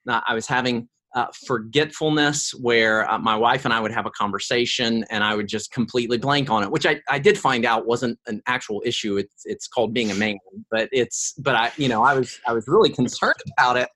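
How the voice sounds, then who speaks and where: A man's voice: mid-range voice, brisk, hardly any pauses. Middle-aged man telling a story. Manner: animated storyteller, repeats words at starts. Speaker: guest. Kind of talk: conversational interview storytelling.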